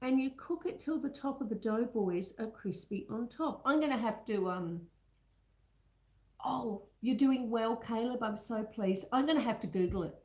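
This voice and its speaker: A woman talks slowly and easily as she bakes on a livestream, reading out viewers' comments and chatting back to them. Her voice sits a little high. Her home kitchen sounds echoey around her. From Australia. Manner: chatty, reads out viewers' comments, warm terms like love and sweetheart. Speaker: home baking livestream host. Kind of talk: casual livestream chat while baking.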